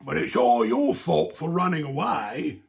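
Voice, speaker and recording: A man's voice: a little high, very animated, a little slow, vocal fry, exaggerated voice. A man voicing a hungry, scrawny male lion who grumbles and complains in a storybook reading. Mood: grumbling. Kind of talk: storybook read-aloud.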